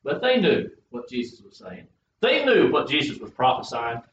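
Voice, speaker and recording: A man's voice: mid-range voice, wildly swooping pitch, moderate pace, fairly bright tone, a little hiss or hum. A man preaching a sermon, reading scripture aloud and explaining it, often stopping to restart. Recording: echoey, slightly dull room sound.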